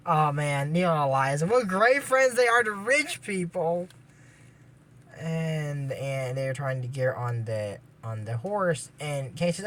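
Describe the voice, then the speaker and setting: A man's voice: fairly high pitch, big pitch swings, unhurried, fairly bright tone, slight background noise. A man casually recapping a cartoon episode, rambling with lots of fillers and restarts and dropping sarcastic asides. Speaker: anime episode reviewer.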